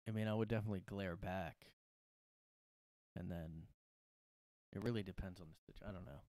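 A young man talks in a low, rambling voice as he hosts a comedy podcast from his room. He is sarcastic and profane, and the sound is dry and close. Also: brisk, mellow, no room sound. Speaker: podcast host. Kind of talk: casual comedic monologue.

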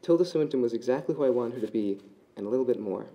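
A man reading his own short literary fiction aloud at a live reading, in a measured, dry, deadpan delivery. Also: medium pitch, rough recording.

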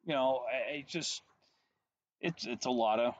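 A man in his forties co-hosts a relaxed podcast chat, ribbing his partner in a wry, teasing way. He speaks at an ordinary mid pitch. The recording is dull and lo-fi, taped outdoors on a home deck. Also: unhurried, a little hiss or hum. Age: 40s. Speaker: podcast co-host. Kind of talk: casual chat. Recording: dull lo-fi sound.

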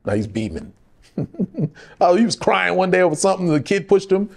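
A middle-aged man talks openly in an interview, acting out the people in his stories and laughing along the way. His voice sits fairly high for a man and swings widely in pitch. It carries a gravelly texture. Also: moderate pace, pauses often. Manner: animated, acts out quoted voices, laughs often. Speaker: actor being interviewed. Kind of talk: candid conversational storytelling.

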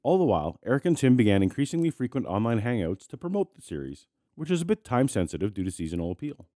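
A fast-talking man with a sick voice. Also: mid-range voice, very animated, warm tone, dry recording. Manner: dry, snarky. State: sick, congested voice. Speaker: host. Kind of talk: scripted commentary narration.

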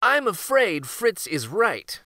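A man's voice: high-pitched, sing-song, dry recording, studio quality, voice pushed up, heavily acted. A man doing a solemn old godfather. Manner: solemn, slow and gentle. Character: kind, clever old male godfather.

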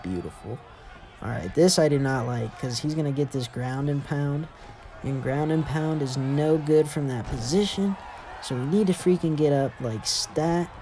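A man hosting a gaming channel, giving casual, excitable commentary while he plays a fighting game and exclaiming at big moments. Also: fairly high pitch, normal speed. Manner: excitable, laughs and exclaims during play. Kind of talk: casual let's-play commentary.

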